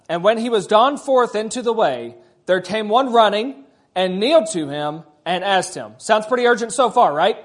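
Man, high voice, sermon, conversational preaching, asks the congregation many questions. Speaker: pastor.

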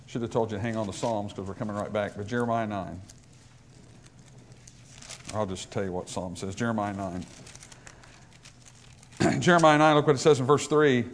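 A man preaching a sermon, emphatic and conversational, asking the congregation rhetorical questions. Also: medium pitch. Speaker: pastor.

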